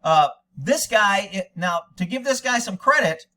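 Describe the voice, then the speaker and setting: A man's voice: sits high, lively intonation, a little slow, pushed and bright. An American man giving angry, indignant commentary over police video, ranting at length.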